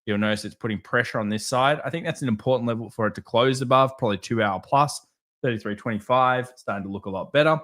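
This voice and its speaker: A man giving casual live market commentary, talking over charts and answering viewer chat with candid quick asides. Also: mid-range voice, a bit bright. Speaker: market analyst streamer.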